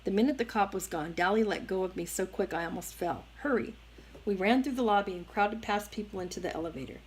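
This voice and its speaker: A woman reading a novel aloud in a steady, even narration. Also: mid-range voice, quick pace, a little hiss or hum, rough recording. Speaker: reader.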